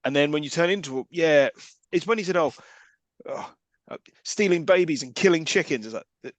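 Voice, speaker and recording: A man co-hosting a podcast, chatting about a film with wry, deadpan humour. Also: on the high side, fairly quick, no echo. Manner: wry, deadpan jokes with laughs. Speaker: podcast co-host. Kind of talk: casual film chat.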